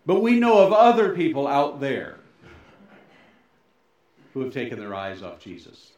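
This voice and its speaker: A middle-aged male pastor giving a sermon, swinging between loud emphasis and soft, low endings, with folksy, self-deprecating asides. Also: huge pitch swings, measured pace. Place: church sanctuary. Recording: very echoey church hall.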